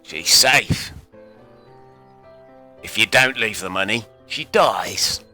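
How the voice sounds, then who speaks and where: A menacing kidnapper drawls out gruff threats, low and unhurried, put on by a man running a tabletop game. His voice is bright and sharp-edged rather than murky. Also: lively intonation, faint music behind, heavily acted. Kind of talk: tabletop game role-play.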